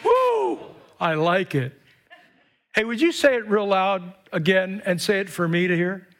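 A man preaching an animated sermon as pastor in a church, urging the congregation to say lines back and whooping between them. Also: high-pitched, normal speed. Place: church with live stream. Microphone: microphone.

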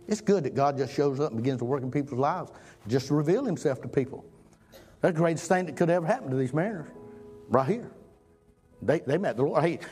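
Folksy man preaching. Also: breathy edge. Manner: folksy, swings between loud emphatic and low murmured. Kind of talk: folksy sermon.

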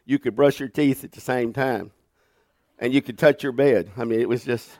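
A man, preaching as a pastor and telling a funny story in a folksy, animated way. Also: medium pitch, moderate pace, no room sound, clean studio sound. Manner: folksy, animated storyteller who laughs through his stories. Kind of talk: sermon with storytelling. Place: church sanctuary.

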